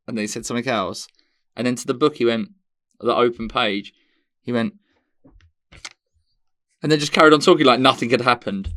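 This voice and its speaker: A man's voice: mid-range voice, brisk, pauses often, fairly bright tone, no echo, clean studio sound. A man co-hosting a casual comedy podcast, telling anecdotes with bursts of laughter. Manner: chatty storyteller, bursts of laughter. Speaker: podcast co-host.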